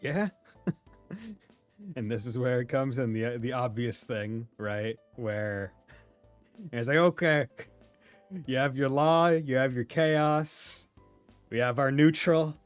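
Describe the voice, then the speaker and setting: A young man hosting a game playthrough, joking around, laughing a lot and using casual slang. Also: mid-range voice. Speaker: let's play host. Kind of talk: gameplay commentary. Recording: dry close mic with faint game music.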